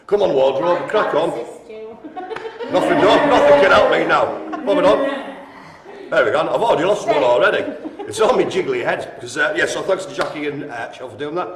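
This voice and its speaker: A man hosting a live-streamed bingo game, jokey and chatty, calling out names and often addressing the audience as ladies and gentlemen. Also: on the high side, expressive, normal speed, a crowd in the background. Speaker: bingo host. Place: indoor room at a care home. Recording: roomy with faint ambience.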